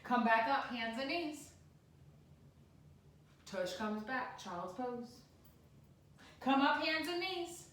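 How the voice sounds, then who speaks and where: Woman kids' yoga teacher, gentle and unhurried, echoey room. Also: sits high, animated, slight background noise. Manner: gentle, sing-song instructions. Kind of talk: guided kids' yoga class. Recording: echoey room, distant mic.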